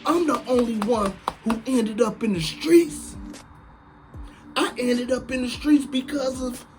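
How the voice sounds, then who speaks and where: Slow, preachy man. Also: extremely high pitch, soft background music. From Chicago, USA. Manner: emphatic, preachy, sounds like shouting even when calm. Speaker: online commentator. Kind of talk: casual live-stream monologue.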